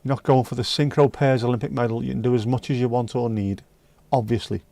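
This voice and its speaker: A man chats and jokes with his live stream viewers in a loose, bantering way. His voice is mellow and relaxed, recorded close and dry. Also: mid-range voice, quick pace, vocal fry, dry recording. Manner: chatty, joking, banters with chat and sings snatches. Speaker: livestream host reading chat. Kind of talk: casual chat.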